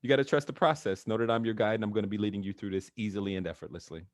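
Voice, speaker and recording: Laid-back guy coaching over a video call, lots of likes and uhs, low voice, dry sound. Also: rapid-fire, no room sound. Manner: relaxed, chatty, laughs often, uses filler words. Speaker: NLP trainer, guest. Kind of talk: casual coaching talk.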